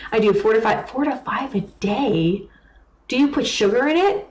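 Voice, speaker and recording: A woman's voice: fairly high pitch, lively intonation, moderate pace, a little mellow. A young adult woman streaming a game live, chatting casually and teasingly answering her chat. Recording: echoey room with faint noise.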